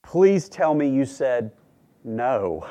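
Brief: a preacher putting on a fearful male disciple, hesitant and pleading, slow. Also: mid-range voice, big pitch swings, dark tone. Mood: nervous pleading.

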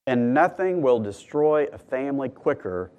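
A man pastor preaching a sermon to a congregation, earnest and teaching, with emphatic rises and quiet drops. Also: medium pitch, expressive, normal speed, muffled recording.

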